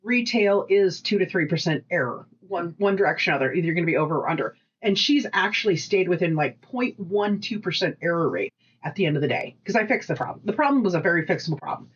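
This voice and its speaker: A woman co-hosting a casual podcast, telling animated work stories, acting out voices and swearing freely. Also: lowish voice, fast talker, breathy edge, dull audio. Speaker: podcast co-host. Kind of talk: casual storytelling chat.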